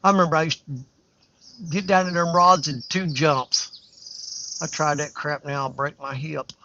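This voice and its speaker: A man's voice: a little high, steady tone, a little slow, bright, forceful tone, slight background noise. An older man hosting a fishing livestream, talking in a folksy, rambling, candid way outdoors on a riverbank. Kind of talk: casual live-stream chat. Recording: dull lo-fi livestream audio.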